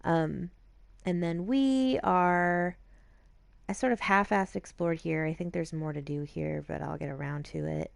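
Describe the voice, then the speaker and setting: A woman's voice: fairly low pitch, unhurried, creaky, dry recording. A woman streamer chatting casually as she plays a video game, swearing freely and acting out what characters said. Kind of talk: casual gameplay commentary.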